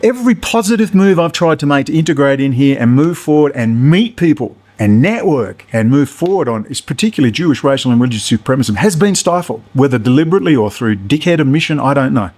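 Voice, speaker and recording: Heated commentator, middle-aged, swears a lot, mid-pitched everyday voice. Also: male voice, expressive, fast, few pauses, darkish tone. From Australia. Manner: profane, heated, sarcastic. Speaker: political commentator. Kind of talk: ranting monologue.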